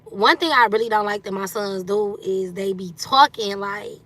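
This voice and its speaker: A woman's voice: moderate pace, bright, forceful tone. Chatty woman in her thirties. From Detroit, USA. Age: 30s. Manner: candid and chatty, acting out quotes with sudden jumps up in pitch. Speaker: livestream host. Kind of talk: casual storytelling chat.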